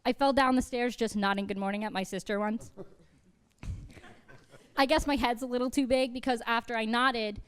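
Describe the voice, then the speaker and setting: A young woman comedian performing a self-deprecating stand-up set with a deadpan delivery on a college TV studio stage. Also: a little high, normal speed, pauses often.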